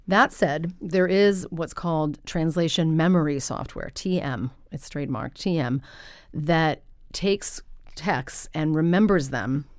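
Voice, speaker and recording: A woman who runs a voice-over and translation business, talking about her work as a podcast guest in an enthusiastic, animated way. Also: low voice, no echo, studio quality. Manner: enthusiastic, animated, talks fast when excited. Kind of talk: casual conversational interview.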